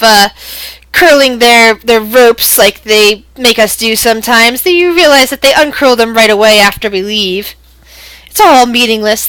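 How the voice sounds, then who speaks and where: A woman voicing a weird-looking male deep gnome who is weary, cynical and dismissive, in a tabletop game. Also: sharp tone, clean tone, no room sound, poor audio. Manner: dismissive, grumbling.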